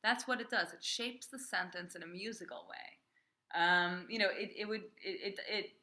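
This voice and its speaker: A woman cantor teaching a small class how to chant Torah trope, chatty and encouraging, often checking with "right?" and singing phrases slowly. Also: medium pitch, sharp tone. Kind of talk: informal small-group class.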